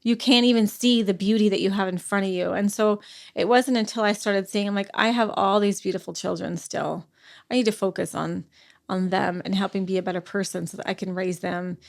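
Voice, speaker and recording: A middle-aged woman, a podcast guest, talking through a personal story in a halting way, full of fillers and restarts. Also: mid-range voice, steady tone, gravelly. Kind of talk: conversational interview.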